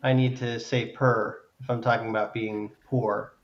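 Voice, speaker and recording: A man's voice: mid-range voice, flat delivery, moderate pace, highs cut off. A man hosting a casual chat who jokes around in an easygoing way. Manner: joking, easygoing. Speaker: host.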